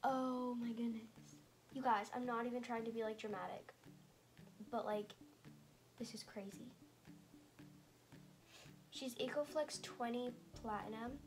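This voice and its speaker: Excitable woman vlogger, fairly high voice, bubbly unboxing chatter with music behind. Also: measured pace, long pauses. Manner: gushing and excitable, filler-heavy. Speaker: doll collector vlogger. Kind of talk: unboxing vlog. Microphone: camera on a tall tripod. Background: background music.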